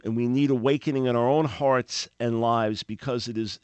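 A man's voice: medium pitch, clean tone, no echo. A man hosting a religious radio talk show, speaking in an emphatic preaching manner and often repeating words as he starts a phrase.

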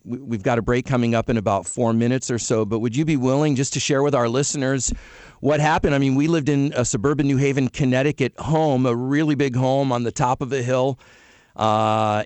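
A man hosting a radio talk show, interviewing a caller in a brisk, friendly way and moving toward a break. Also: mid-range voice, darkish tone, no echo. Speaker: radio host.

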